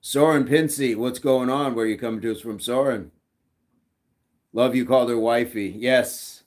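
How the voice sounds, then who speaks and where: A man's voice: medium pitch, steady tone, moderate pace. A middle-aged man hosting a livestream, reading chat messages aloud in a casual, joking way and laughing often.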